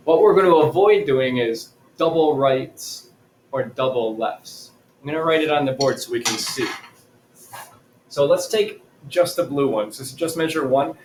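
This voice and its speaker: A male music teacher giving a patient, clear drumming lesson in a classroom, chanting rhythms for his students. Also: medium pitch, moderate pace, roomy sound, slight background noise, poor audio. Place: classroom with a chalkboard.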